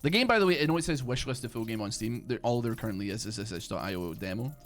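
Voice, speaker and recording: A young British man races through live gameplay commentary in a mid-range voice with lively intonation, chatting with viewers. He rambles and restarts thoughts midway, filling gaps with fillers, while game music plays faintly.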